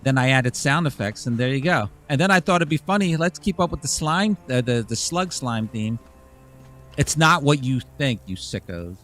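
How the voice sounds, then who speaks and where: A man streams a game as a VTuber, rambling casually and swearing freely in this gaming livestream chat. His mid-range voice is expressive and a bit bright, moving at normal speed over soft background music.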